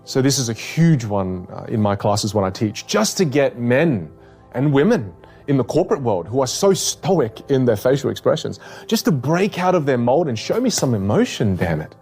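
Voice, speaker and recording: A man working as a communication coach, explaining his ideas in a podcast conversation with energetic, emphatic repetition. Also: mid-range voice, moderate pace, breathy edge, faint music behind. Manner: energetic, emphatic, repeats key points.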